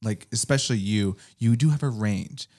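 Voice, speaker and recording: A man's voice: on the low side, normal speed, darkish tone. A man co-hosting a podcast in casual chat, asking curious questions and often stumbling over his words. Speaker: podcast co-host.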